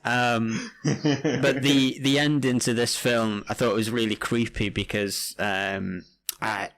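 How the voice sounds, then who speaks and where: A man's voice: medium pitch, steady tone, takes it slowly, a bit bright. A man co-hosting a podcast, rambling through a film recommendation with lots of hesitation. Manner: rambling, hesitant, many fillers. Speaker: podcast co-host. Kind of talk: casual chat.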